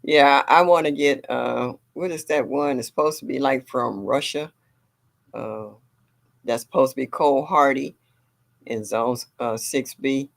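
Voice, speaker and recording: A woman's voice: very deep voice, measured pace, creaky. Chatty older woman hosting a garden livestream. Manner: chatty, reads viewer comments aloud. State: a little sore. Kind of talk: casual livestream chat reading comments.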